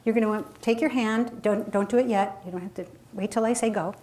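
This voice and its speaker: Energetic woman coaching a live group. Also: brisk. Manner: energetic, demonstrates vocal range with sudden high and low voices. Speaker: voice and presentation coach. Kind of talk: workshop talk to a live audience.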